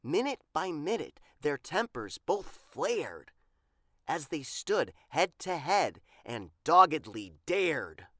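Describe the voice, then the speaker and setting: Slow, lively-voiced woman storyteller. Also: sits low, no echo, clean studio sound. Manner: animated, expressive storytelling. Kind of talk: reading a picture book aloud.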